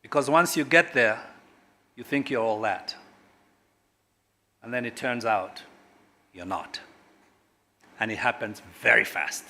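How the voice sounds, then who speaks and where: Speaking publicly at a corporate launch, a government official gives a keynote with emphatic delivery. His pitch and loudness rise and fall dramatically, broken by deliberate pauses.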